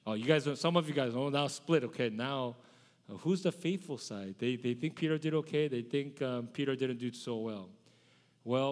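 A man in his forties, a pastor giving a conversational sermon and asking his congregation questions. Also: medium pitch. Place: church sanctuary. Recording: long church hall reverb.

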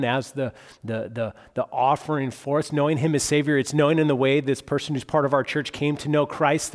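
A man preaches a sermon in an animated preaching style, his mid-range voice trailed by long reverb. He rushes through retold conversations and softens his voice when he wants emphasis.

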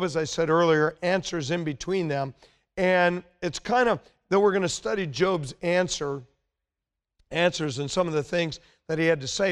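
A middle-aged man preaching a sermon in a conversational, emphatic way, growing more intense as he speaks. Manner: conversational, emphatic, rises in pitch when stirred.

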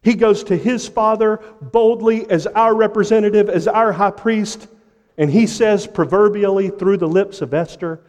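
A man preaching a sermon with impassioned rhetorical questions, pausing for effect and dropping to a hush. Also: high voice, in a large hall, muffled recording. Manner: impassioned preaching with dramatic pauses and sudden drops to a hush. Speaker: pastor.

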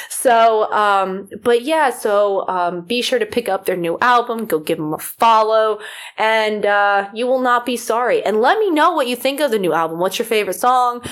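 A woman from Florida hosting a podcast in casual chat, rambling with many fillers, her voice a little rough from feeling unwell. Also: a little high, animated, moderate pace. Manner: rambling, filler-heavy, self-deprecating. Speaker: podcast host.

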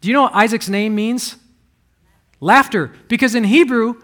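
A man preaching a sermon as a pastor, shifting between quiet earnest passages and loud animated ones. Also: very high voice, moderate pace. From United States.

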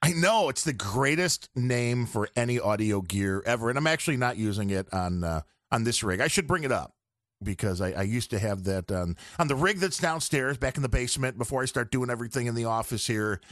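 Bright-voiced guy rambling on a podcast, dry close sound, easygoing tech talk. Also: mid-range voice, animated, fairly quick, no echo. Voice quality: rambling, explaining audio gear at length. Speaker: podcast guest. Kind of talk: casual podcast chat.

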